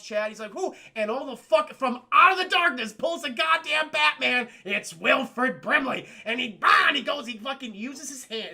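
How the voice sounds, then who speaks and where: A man recapping a film for his stream chat in a casual, excitable and profane way, often speaking to the chat directly. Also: sits high. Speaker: livestream film reviewer.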